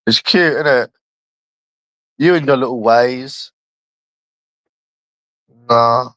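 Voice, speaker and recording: A man's voice: medium pitch, slow, a bit bright, dry recording. A man from London chatting casually on a livestream, rambling and addressing a viewer by nickname.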